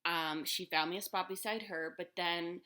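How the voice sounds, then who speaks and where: A woman's voice: on the low side, fairly even intonation, moderate pace, sharp tone. A woman telling a personal story to the camera in a casual, rambling way, with lots of fillers and restarts.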